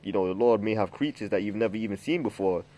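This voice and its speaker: A man's voice: fairly low pitch, fast talker, dark tone. A man preaching from scripture in a loose, rambling way, full of fillers, restarts and the word "man". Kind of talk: informal scripture teaching.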